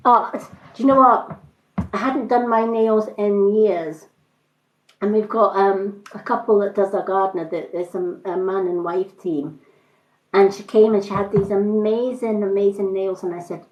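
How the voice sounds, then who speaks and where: A woman's voice: medium pitch, steady tone, unhurried. A woman selling makeup and skincare, chatting casually on a live stream and rambling through stories with lots of fillers. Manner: rambling storyteller with frequent fillers. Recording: roomy, slightly dull sound.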